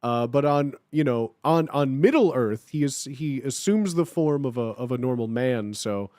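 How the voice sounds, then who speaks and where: A man's voice: medium pitch, moderate pace, a little mellow, dry recording, studio quality. A young man hosting a live stream, chatting casually with viewers, swearing and laughing often. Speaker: livestream host.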